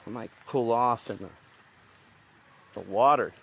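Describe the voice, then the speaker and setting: A man's voice: mid-range voice, measured pace, gravelly, breathy edge. A man vlogging as he hikes through the jungle outdoors, thinking aloud as he goes. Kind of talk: talking to camera while hiking. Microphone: handheld phone.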